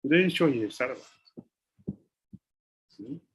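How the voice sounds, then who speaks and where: A man giving a devotional lecture, telling sacred stories with rhetorical questions and an animated, questioning manner. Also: medium pitch, measured pace, slightly rough, poor audio. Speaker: spiritual teacher.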